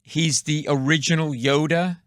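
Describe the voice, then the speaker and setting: A man's voice: a little high, fairly even intonation, no echo. A middle-aged man, a comedian guest, telling stories in a radio studio and acting out the people in them. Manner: acts out quoted voices, punchy and quick. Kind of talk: animated comedic storytelling.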